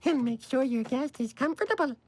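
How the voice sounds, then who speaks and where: A high, prim cartoon mouse. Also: female voice, animated, a little fast. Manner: patient, gently correcting, giggly. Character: prim little mouse teaching manners. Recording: cartoon soundtrack with music.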